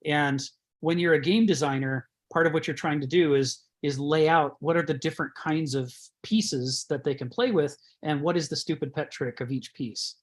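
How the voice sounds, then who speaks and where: A man's voice: fairly high pitch, moderate pace. A man giving a conversational lecture, rambling, chuckling often and using many fillers.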